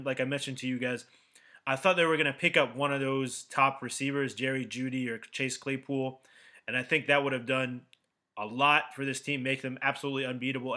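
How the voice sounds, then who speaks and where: A man hosting a casual sports podcast, talking through games in a relaxed, rambling way with restarts. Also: mid-range voice. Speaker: podcast host.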